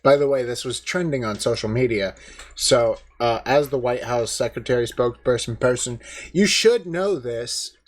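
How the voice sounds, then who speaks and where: A man rants his way through commentary in a casual, mocking, indignant manner, padding his speech with fillers. His voice sits at an ordinary middle pitch. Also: normal speed. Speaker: commentary video host.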